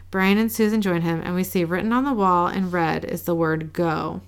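A woman co-host with a gravelly edge to her voice talks through a TV episode scene by scene. She reads the quoted dialogue in a flat, low-key way, with no big character voices. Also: moderate pace. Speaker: podcast co-host recapping an episode. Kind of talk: casual recap, reading dialogue aloud.

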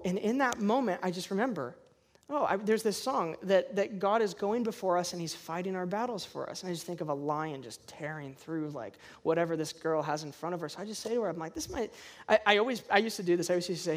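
A pastor preaching to a congregation, telling personal stories with self-deprecating humor and lively acted-out asides. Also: mid-range voice, a little fast. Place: church service before a congregation.

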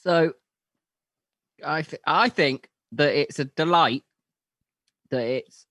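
A man's voice: fairly high pitch, slow pace, a bit bright, dry recording. Laid-back man on a podcast. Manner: laid-back, swears casually. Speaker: podcast co-host. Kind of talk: casual film chat.

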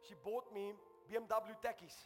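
A man's voice: high-pitched, steady tone, moderate pace, a bit bright. A South African man preaching a sermon to a congregation, telling a personal story with fervour and calling out to his listeners. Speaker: pastor. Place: church hall before a congregation. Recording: long hall reverb with faint music.

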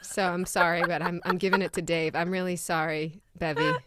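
A woman co-hosting a podcast in casual chat, telling family stories in an animated way with frequent laughter. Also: lowish voice, fairly quick, slight background noise. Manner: animated storyteller, laughs often. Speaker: podcast co-host.

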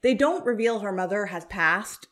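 Woman, medium pitch, podcast co-host, casual chat, many "like" fillers. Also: expressive, normal speed, a bit bright. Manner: chatty, many "like" fillers, laughs easily. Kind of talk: casual film discussion.

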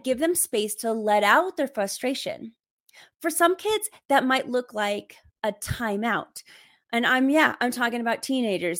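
A woman with a slightly high voice gives parenting advice straight to the listener. She talks in an emphatic, direct way and laughs lightly between points. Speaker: parenting coach.

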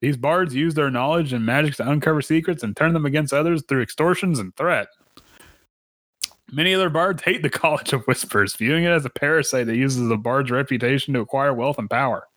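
A man's voice: mid-range voice, a little fast, fairly bright tone, no echo. A man co-hosting a casual podcast who laughs often, swears freely and reads game rules aloud. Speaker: podcast co-host. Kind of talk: casual chat.

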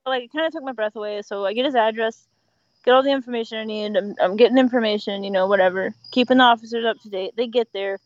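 A woman who works as an emergency dispatcher, chatting casually and telling animated stories, often laughing and acting out what callers said. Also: on the high side, quick pace, dry recording, dull audio. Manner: animated storyteller, laughs often, acts out quotes. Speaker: 911 dispatcher. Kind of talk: casual podcast chat.

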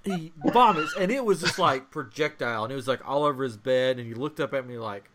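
A young man on a podcast telling a long family story in casual chat, animated and laughing as he acts out voices. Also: mid-range voice, fairly quick, noisy background. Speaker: podcast host.

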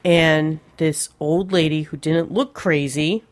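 A woman's voice: low voice, steady tone, slow pace. A mother telling a story in casual chat, animating it by acting out what everyone said. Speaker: storyteller guest.

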